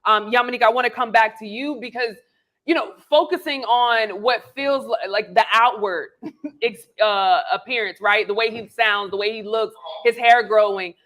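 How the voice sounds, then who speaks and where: Man, high pitch, bright tone, measured moderator asking long questions. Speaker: discussion moderator. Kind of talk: panel discussion.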